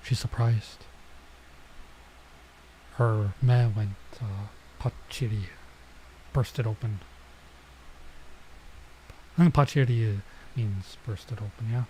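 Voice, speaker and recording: A man on a casual live stream reading a manga and translating it, halting and explaining as he goes. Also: lowish voice, mellow, a little hiss or hum, low-quality recording.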